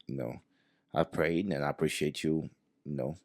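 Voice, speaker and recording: A man's voice: very deep voice, normal speed, no room sound, studio quality. A man, a jiu-jitsu professor telling a story in casual talk, acting out the dialogue as he goes. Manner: animated, acts out quoted dialogue.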